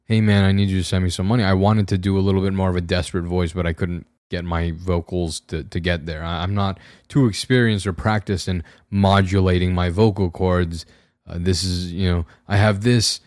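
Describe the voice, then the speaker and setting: A young man with a very low, slightly raspy voice hosts his own podcast alone. He rambles in a wry, self-deprecating way, restarting his sentences often. The sound is close and dry, with no room echo. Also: fairly even intonation, moderate pace, a little mellow. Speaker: podcast host. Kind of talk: casual solo podcast monologue. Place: room at home with a camera on a tripod.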